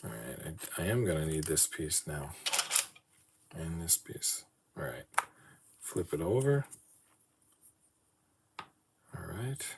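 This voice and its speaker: A podcast host with a very deep voice talks on his own while putting together a brick model, rambling, muttering, and poking fun at his own hosting. His delivery is sing-song and measured, with frequent pauses. Clear background noise sits beneath it all.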